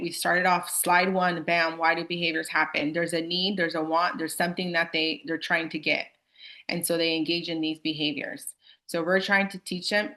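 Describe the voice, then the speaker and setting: A young adult woman with a fairly low-pitched, pushed and bright voice leads a live staff training presentation on student behavior. She's casual and chatty, calling her audience "you guys."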